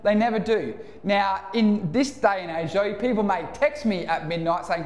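A higher-voiced Australian man preaching a relaxed, storytelling sermon. His voice fills a roomy church hall, with a long reverb behind each phrase. He sounds easy and conversational rather than formal. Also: normal speed, few pauses. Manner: casual and storytelling. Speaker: pastor. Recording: echoey church hall, live.

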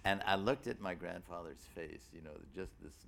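A man from New York talking onstage as an author, rambling through stories in halting bursts full of fillers and restarts, with a wry edge. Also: sits low, creaky, fairly bright tone, slight background noise. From New York City. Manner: wry storyteller. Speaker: author in a public conversation. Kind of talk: live onstage conversation.

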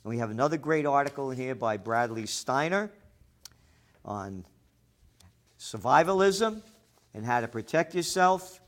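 A man hosting a commentary show, ranting sarcastically with lots of profanity, swinging between shouting and muttering. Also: medium pitch, expressive, a little slow, long pauses. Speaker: show host.

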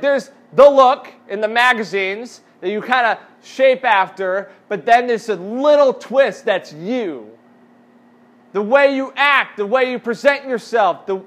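Man, high voice, youth pastor, casual sermon, questions to the room. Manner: casual, asks the audience questions.

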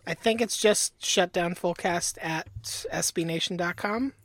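A man's voice: high voice, measured pace, a bit bright, dry recording. A man co-hosting a podcast in casual chat, with a dry, teasing manner. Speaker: podcast co-host.

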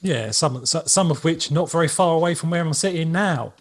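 A man co-hosting a casual podcast chat, speaking in a measured way with hesitant restarts. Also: on the high side, expressive, very noisy. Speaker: podcast co-host. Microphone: headphones on a remote call.

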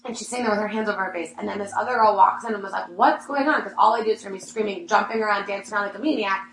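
A woman hosting a casual podcast chat, telling a story with lively acted-out quotes. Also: medium pitch, racing, vocal fry. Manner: animated storyteller acting out her own excitement. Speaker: podcast host. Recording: echoey room with faint hum.

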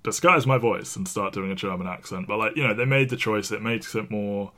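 Lively bright-voiced male podcast co-host. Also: fairly low pitch, a little fast. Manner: animated, swearing, laughs often. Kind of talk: casual chat.

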